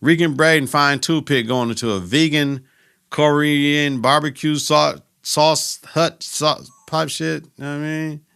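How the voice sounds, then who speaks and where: A man's voice: a little high, fairly even intonation, a little slow, gravelly, fairly bright tone, clear, resonant tone. A man hosting a podcast, retelling a TV episode in a casual, profane, slang-filled way. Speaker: podcast host.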